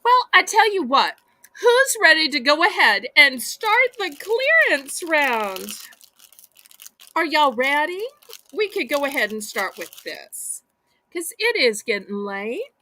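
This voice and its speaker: A woman's voice: sits high, very animated, slow pace, pushed and bright. A woman hosting a live online auction, with chatty, folksy sales patter and a voice she says is wearing out. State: losing her voice. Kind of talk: live-stream selling chat.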